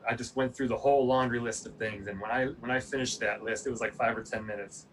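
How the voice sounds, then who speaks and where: Animated man telling a story from afar. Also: medium pitch, fast, hardly any pauses, distant mic, slight background noise, rough recording. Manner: animated, acts out quoted dialogue, many "like" fillers. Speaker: Olympic pole vaulter telling his story. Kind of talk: casual storytelling.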